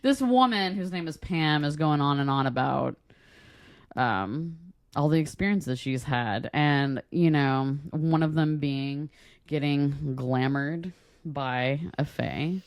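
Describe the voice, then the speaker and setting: Low-voiced woman podcaster, swearing freely. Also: slow, clear, resonant tone, no echo. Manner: profane, laughs often, breaks into shrieking laughter. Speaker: podcast co-host. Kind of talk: casual chat.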